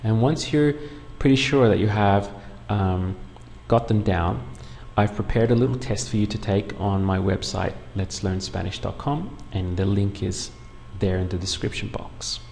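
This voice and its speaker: A man with a lowish, gravelly voice teaches a beginners' language lesson, going patiently through each step. His voice rings with a long reverb, and a faint hiss sits underneath. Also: a little slow, darkish tone. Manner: patient, clear step-by-step explaining. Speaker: Spanish teacher. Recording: long room reverb, faint background noise.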